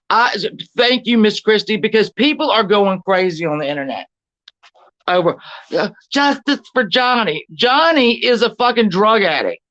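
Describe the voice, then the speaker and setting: In dull, lo-fi stream audio, a female livestream host with a mid-range, fairly bright voice delivers casual commentary. She rants bluntly, curses plenty, and says hi to people in the chat.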